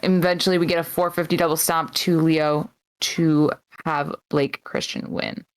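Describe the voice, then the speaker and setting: A woman co-hosting a podcast, casually recapping wrestling matches move by move with frequent pauses. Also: low voice, level tone, clear, resonant tone. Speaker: podcast co-host.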